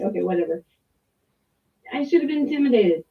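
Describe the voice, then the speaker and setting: A candid middle-aged woman gives a casual testimonial as a client, rambling frankly with frequent restarts and mild swearing. Her slightly high voice is animated and fairly quick, coming over a tinny, phone-like line from some distance off the mic.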